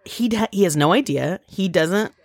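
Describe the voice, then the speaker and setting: Low-voiced woman telling a rambling story. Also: moderate pace, no echo. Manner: rambling, animated storytelling with fillers and quoted voices. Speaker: podcast co-host. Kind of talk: casual storytelling chat.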